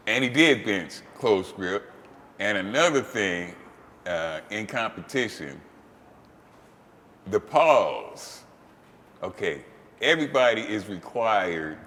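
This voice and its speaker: Loud, bright-voiced profane male storyteller. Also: fairly low pitch, big-room sound. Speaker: host. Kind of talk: casual storytelling.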